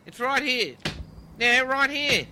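A man's voice: extremely high pitch, animated, slow pace, very noisy, heavily acted. A man playing a slick, evasive rental agent who repeats his sales patter over and over. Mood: pushy.

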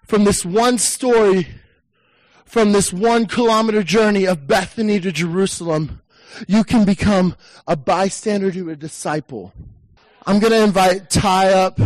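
High-voiced animated male preacher. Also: a little slow, dry recording, poor audio. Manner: animated, acts out the listener's inner voice, rising to shouts. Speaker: pastor. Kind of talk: sermon.

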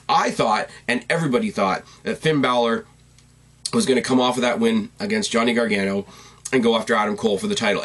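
A man with a slightly husky voice talks through a recap in a loose, rambling way. He gets excited, trips over his words and corrects himself as he goes. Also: medium pitch. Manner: rambling, enthusiastic, self-correcting. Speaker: wrestling commentator. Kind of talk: casual recap commentary.

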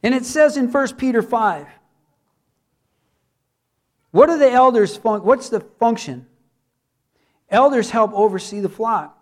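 Pastor guy preaching, really high voice, earnest, hammers words over and over. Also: measured pace, pauses often. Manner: earnest, repeats words for emphasis. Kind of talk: sermon.

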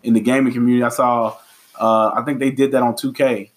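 A man hosts a casual podcast chat, easing through his points with fillers and restarts. His voice sits at an everyday middle pitch. He sounds unhurried. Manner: relaxed, drawn-out, many fillers and restarts. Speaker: podcast host.

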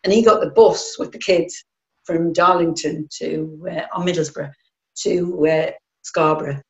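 A woman's voice: low-pitched, steady tone, a little slow. An older woman with a North East English accent, recalling the past in an earnest, plain-spoken way with frequent hesitations. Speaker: interviewee. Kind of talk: personal recollection. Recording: roomy, slightly dull recording.

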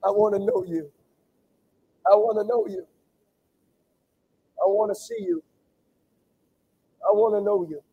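A man pastor leading an impassioned sermon prayer, with a fervent, repetitive preaching cadence that swings from shouts to hushed pleading. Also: sits high, huge pitch swings, unhurried, creaky, pauses often, husky, lo-fi sound.

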